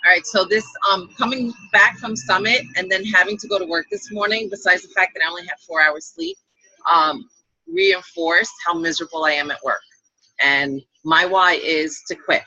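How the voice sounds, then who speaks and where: Bright-voiced woman in her forties. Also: fairly low pitch, moderate pace, breathy edge, no room sound, low-quality recording. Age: 40s. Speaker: team member on a call. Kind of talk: casual team call.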